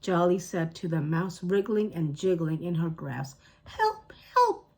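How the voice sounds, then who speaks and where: A woman teacher reading a children's chapter book aloud with slow, careful storytelling. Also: lowish voice, dark tone.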